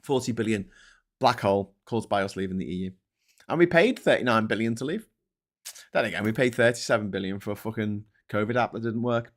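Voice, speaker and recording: A man hosts a live stream in a casual, sweary, rambling style, often wandering off topic and getting excitable when he thanks viewers. His voice is lowish and a little fast.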